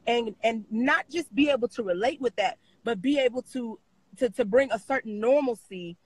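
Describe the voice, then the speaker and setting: A woman's voice: a little high, normal speed, breathy edge, no room sound, low-quality recording. A woman guest in an interview, telling a personal story with emotion, repeating phrases and using many fillers, crying at times.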